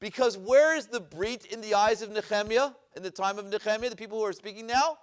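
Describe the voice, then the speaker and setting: A high-pitched, clean-toned male voice, fairly quick, belongs to a rabbi teaching a Bible class in a synagogue classroom. He reads Hebrew verses aloud and questions his audience, saying each question more than once.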